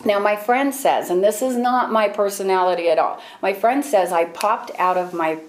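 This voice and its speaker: A woman leading a women's ministry, sharing a personal testimony with an audience in an animated storytelling way. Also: mid-range voice, moderate pace, low-quality recording. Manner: animated storytelling, acts out her own prayers and other people's words; laughs often while telling.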